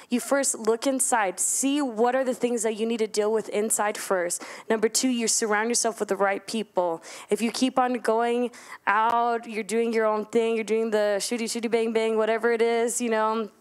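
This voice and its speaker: A woman's voice: fairly high pitch, fairly even intonation, moderate pace. A young woman giving a casual, playful sermon at a church service, joking with the congregation between points. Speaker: youth speaker at church service.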